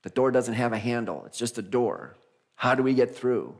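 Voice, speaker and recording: A man minister preaching a conversational Sunday sermon, animated and laughing as he acts out the voices of figures in his stories. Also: medium pitch, normal speed. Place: church sanctuary.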